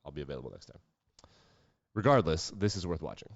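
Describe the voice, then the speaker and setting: A man's voice: extremely low pitch, lively intonation, fast, no echo, highs cut off. A man hosting a solo sports podcast, talking casually with sarcastic, wry asides. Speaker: podcast host.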